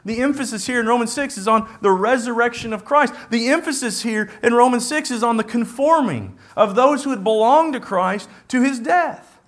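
A man's voice: extremely high pitch, normal speed, a bit bright. A man preaching a sermon, earnest and repetitive for emphasis as he reads scripture aloud.

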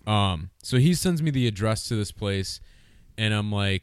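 A man's voice: fairly low pitch, expressive, a little slow, smooth, no echo. A man co-hosting a podcast, telling a story in loose, profane casual chat and laughing often. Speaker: podcast co-host.

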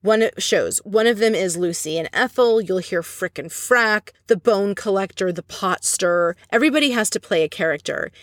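A woman hosting a podcast, retelling reality-show drama in a gossipy, animated way and quoting the people she talks about. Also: medium pitch, normal speed, few pauses, no room sound, studio quality. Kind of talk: casual chat.

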